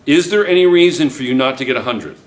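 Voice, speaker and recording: A man teaching a chemistry class, lecturing with lots of quick checks on whether students follow. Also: mid-range voice, reverberant. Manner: lively, keeps checking students with "yes or no?".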